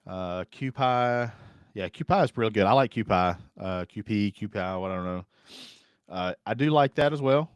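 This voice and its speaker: A man's voice: lowish voice, moderate pace, clean tone, no room sound. A man hosting a casual live stream, rambling in a folksy way and reading viewer comments aloud. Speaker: host.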